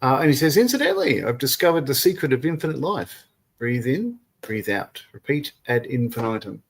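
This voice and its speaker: A man's voice: medium pitch, expressive, moderate pace, slight background noise. Chatty man reading out live comments. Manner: laughs often, reads chat messages aloud. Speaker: co-host of a model-building livestream.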